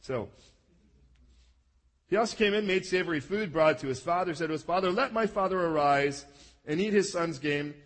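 A male pastor delivering a sermon, telling a story animatedly, acting out the characters and shouting their pleading lines. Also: on the high side, lively intonation, normal speed, long pauses. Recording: long reverb of a large hall.

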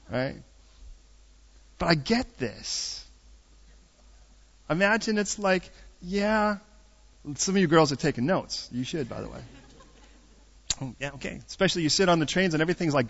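A middle-aged man preaching a storytelling sermon, joking and swinging between loud bursts and hushed asides. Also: a little high, big pitch swings, moderate pace, pauses often. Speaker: pastor. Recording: dull lo-fi sound.

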